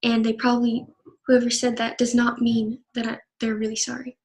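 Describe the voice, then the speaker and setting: A young woman giving a scripted class presentation in an even, explanatory reading manner. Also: on the high side, normal speed, poor audio. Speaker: student presenter.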